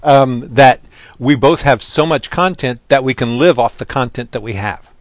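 A man's voice: medium pitch, moderate pace, dry recording. A man co-hosting a workshop, chatting casually and mostly answering in short, agreeable replies. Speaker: workshop co-host. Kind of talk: casual conversation.

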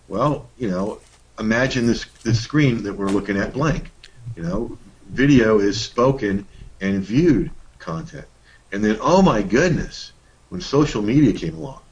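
A man's voice: lowish voice, lively intonation, a little slow, breathy edge. A middle-aged man co-hosting a workshop, talking in a casual, folksy way with playful emphasis. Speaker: workshop co-host. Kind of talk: casual teaching talk.

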